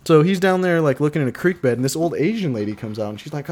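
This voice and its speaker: A man's voice: on the high side, lively intonation, fast talker, a little mellow. A man telling a long story on a casual podcast, swearing freely and acting out what people said. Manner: profane, rambling, acts out quotes. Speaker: podcast co-host.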